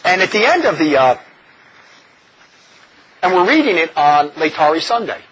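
A religious brother leading a community gives an impassioned, mocking talk, animated and laughing often. His husky voice runs on the high side and a little slow. The recording is dull and lo-fi.

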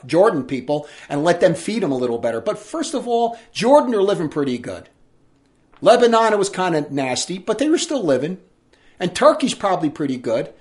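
A man delivering an indignant, forceful monologue with emphatic delivery. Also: fairly high pitch. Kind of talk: ranting monologue commentary.

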